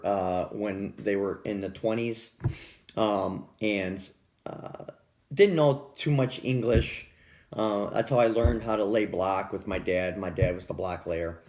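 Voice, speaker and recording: A man's voice: mid-range voice, a little mellow. A middle-aged man vlogging in a casual, rambling way, stumbling over restarts and repeated words.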